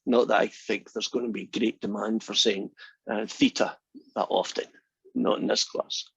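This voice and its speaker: A man's voice: on the low side, moderate pace, gravelly, slightly rough, no room sound. Scottish male math instructor, dry teasing wit, close dry sound, muffled lo-fi recording. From Scotland. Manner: dry teasing humor, relaxed and chatty. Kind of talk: classroom lecture.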